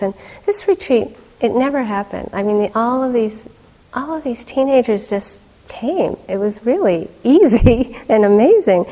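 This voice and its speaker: Middle-aged woman, meditation teacher, conversational dharma talk, soft laughs, long hall reverb. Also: on the high side.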